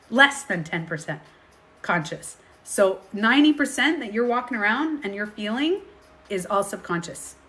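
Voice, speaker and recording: Animated woman coaching on inner healing. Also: medium pitch, slight background noise. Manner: animated, acts out inner voices; reads and answers viewer questions. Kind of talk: casual coaching talk to viewers.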